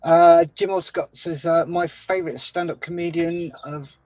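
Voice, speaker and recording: A man's voice: fairly high pitch, steady tone, a little slow, a little mellow, no echo, rough recording. Chatty man reading out live comments. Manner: chatty, reads out viewer comments, laughs easily. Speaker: livestream host reading chat. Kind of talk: casual chat.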